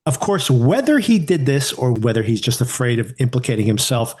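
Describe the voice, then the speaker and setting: A man's voice: medium pitch, sing-song, fairly quick, a little mellow. A man co-hosting a podcast, chatting casually through a TV review and thinking aloud with rhetorical questions. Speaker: podcast co-host.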